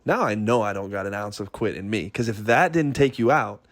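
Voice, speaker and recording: Encouraging podcast host with a dry voice. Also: male voice, on the low side, a little fast, no echo. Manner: encouraging, reflective, speaks in loose phrases. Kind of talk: casual podcast conversation.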